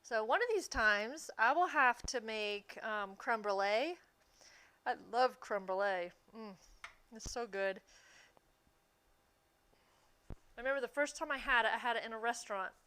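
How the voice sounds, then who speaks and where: A woman streamer with a slightly high, sharp, clean voice bakes on a livestream while chatting with viewers. She's chatty and easygoing, laughing readily.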